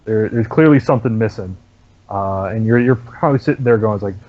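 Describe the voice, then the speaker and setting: A man's voice: fairly low pitch, fairly quick, a little mellow, muffled recording. A man narrating as game master for a tabletop game, casual and full of fillers. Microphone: online voice chat mic.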